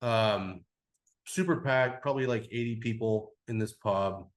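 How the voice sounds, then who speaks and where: A man's voice: on the low side, unhurried. A man in his forties, a podcast guest, telling a travel story in a loose, rambling way full of "like" and casual swearing. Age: 40s. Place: cigar podcast studio.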